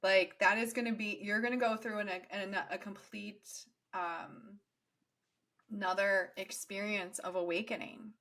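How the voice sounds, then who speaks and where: A woman's voice: medium pitch, steady tone, unhurried, fairly bright tone. A woman hosting a casual interview, affirming her guest and speaking of spiritual guides. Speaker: host.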